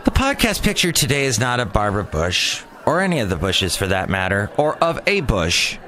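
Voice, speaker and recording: A man's voice: on the low side, big pitch swings, fairly quick, bright, forceful tone. A man hosting his own podcast, rambling jokily from one tangent to the next. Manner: rambling, jokey, jumps between tangents. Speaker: podcast host. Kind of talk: casual comedic monologue.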